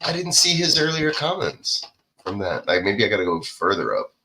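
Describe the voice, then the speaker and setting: A man's voice: on the low side, huge pitch swings, moderate pace, sharp tone, a little hiss or hum. A man co-hosting a podcast, chatting casually and calling plays while watching a football game. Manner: play-by-play remarks, laughs often. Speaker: podcast co-host.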